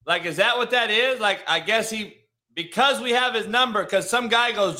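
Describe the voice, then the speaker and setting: A man's voice: sits high, moderate pace, bright, forceful tone. A man hosting a casual sports talk show, loose and profane, with lots of restarts. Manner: loose, profane, restarts a lot, says "dog". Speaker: podcast host.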